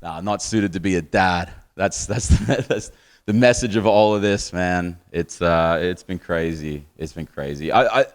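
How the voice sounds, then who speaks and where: A man's voice: deep voice, moderate pace. An Australian man in his twenties doing a stand-up comedy set on stage, with swearing, boozy, self-mocking banter to the crowd.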